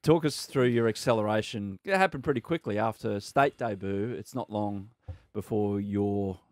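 A man's voice: fairly low pitch, moderate pace, no echo, studio quality. A man co-hosting a podcast, asking questions in an upbeat manner and laughing easily. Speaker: podcast co-host. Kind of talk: casual podcast interviewing.

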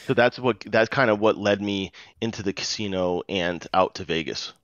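A man's voice: fairly low pitch, normal speed, no room sound, lo-fi sound. A man with a Rhode Island accent, a podcast guest telling his story casually and acting out what people said. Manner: chatty, animated retelling with quoted dialogue.

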